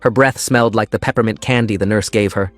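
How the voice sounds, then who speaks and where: Low-voiced man reading a story. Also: fairly even intonation, fast talker, dry recording, faint music behind. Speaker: narrator. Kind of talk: calm scripted story narration.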